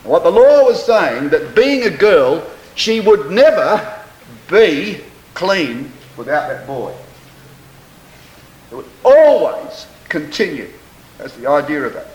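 A man preaching a sermon, stressing words slowly and reading scripture in a stately cadence. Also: a little high, sing-song, darkish tone, echoey room, low-quality recording. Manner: emphatic, slow deliberate stresses on words.

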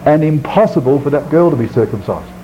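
A high-pitched man preaching with a very lively, swooping voice. He hammers key words and then sinks low and quiet, stretching out scripture lines slowly. The recording is dull and lo-fi with a faint hiss underneath. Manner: emphatic, swings from loud high stresses to low quiet drops, drawn-out scripture reading. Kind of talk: sermon.

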